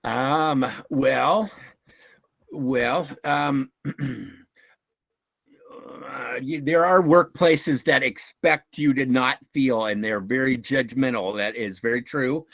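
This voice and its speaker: A man from a nonprofit, giving an informal talk and answering questions in an animated way, with chuckles, restarts and acted-out quotes. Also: mid-range voice, takes it slowly, creaky, dry recording, rough recording. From United States. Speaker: guest speaker from a nonprofit.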